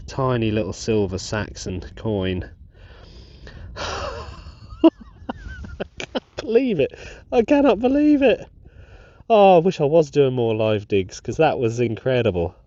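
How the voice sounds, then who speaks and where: A man narrating his metal detecting dig to viewers, giddy and breathless with excitement. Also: fairly low pitch, lo-fi sound. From England. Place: outdoors in a field.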